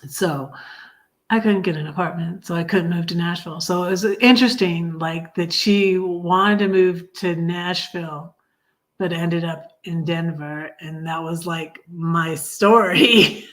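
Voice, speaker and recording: A woman's voice: fairly low pitch, fairly even intonation, a little slow. A middle-aged woman hosting a livestream, telling a personal story in a rambling, chatty way and talking straight to her viewers. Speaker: livestream host.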